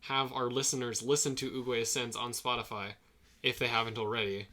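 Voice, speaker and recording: A man's voice: medium pitch, level tone, brisk, pushed and bright. A young man co-hosting a casual podcast, chatty and enthusiastic about cartoon films. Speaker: podcast co-host.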